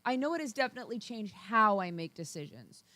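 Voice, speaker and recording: A woman's voice: mid-range voice, very animated, fairly quick, bright, forceful tone, dry recording. A woman co-hosting a talk radio show, explaining her points earnestly and often checking in with "right?". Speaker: radio co-host. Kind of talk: casual talk radio conversation.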